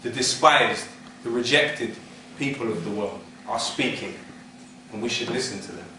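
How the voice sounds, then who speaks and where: A man's voice: mid-range voice, moderate pace, bright, forceful tone, slight background noise. A young British man, a rapper and activist, giving a passionate public talk full of rhetorical questions. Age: young adult. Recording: echoey room, far from mic, faint music.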